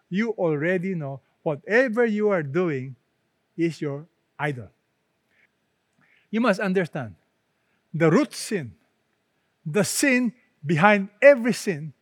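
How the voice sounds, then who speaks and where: A man preaching a sermon, emphatic, rising for stress and dropping soft and low at the ends of his phrases. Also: dry recording. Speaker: pastor.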